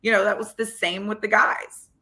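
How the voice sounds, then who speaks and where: A woman guest on a podcast interview, telling animated stories and acting out the quotes with big jumps in pitch. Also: normal speed. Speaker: guest, former football coach. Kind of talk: lively storytelling in a podcast interview.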